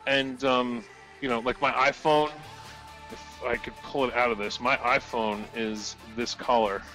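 A man's voice: medium pitch, steady tone, unhurried, bright, forceful tone, soft background music. A man co-hosting a casual live stream, joking loosely and laughing often as he presents product deals.

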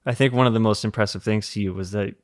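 A man's voice: on the low side, fairly even intonation, fast talker. A man in his thirties chatting casually as a guest, laid-back with short, understated replies. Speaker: guest, musician and son of the host. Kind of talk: casual chat.

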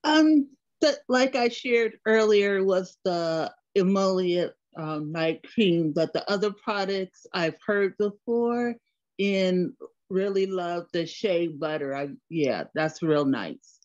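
A woman answering slowly and hesitantly in a casual chat, heard over a call. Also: fairly low pitch, a little mellow, dull audio.

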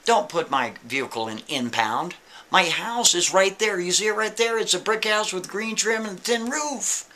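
A desperate man in handcuffs, pleading over and over that he has the wrong guy, his voice pushed up high and loud with strain, as a storyteller puts him on. The tone stays bright and sharp, and the pace is insistent. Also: expressive, normal speed.

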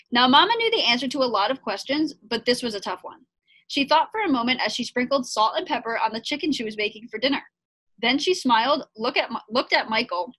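A woman teacher reading a picture book aloud to children in a friendly, expressive way. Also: on the high side, fairly quick, dry recording.

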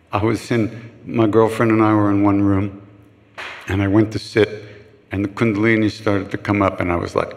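Older male storyteller, low and gravelly, casual and joking, in a hall with a long echo. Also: level tone, moderate pace. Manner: anecdotal, frank and joking, acts out quoted voices. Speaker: chant leader answering questions. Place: retreat hall with a live audience. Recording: long reverb of a large room.

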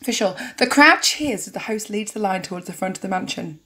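A woman's voice: medium pitch, animated, a little fast, sharp tone. A woman narrating and commenting casually on a story game, chatty and joking as she goes. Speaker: let's play narrator.

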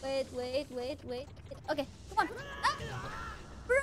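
A woman's voice: sits high, big pitch swings, unhurried, noisy background. A woman streaming a video game live, talking to herself playfully with mock-outraged exclamations. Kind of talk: live gameplay commentary.

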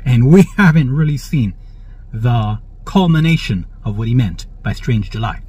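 A man's voice: medium pitch, expressive, moderate pace, a little mellow, slightly rough. A man hosting prophetic religious commentary. He reads the news aloud, cuts in with praise, and keeps checking in with listeners. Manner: jubilant, interjects praise and frequent "all right?". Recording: dull, dry lo-fi recording.

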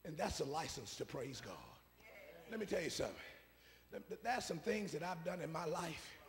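High-voiced shouting preacher man. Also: expressive, moderate pace. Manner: rhythmic, repeating phrases, swings from soft asides to shouts. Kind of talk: call-and-response sermon. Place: church sanctuary. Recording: preaching in a reverberant church hall.

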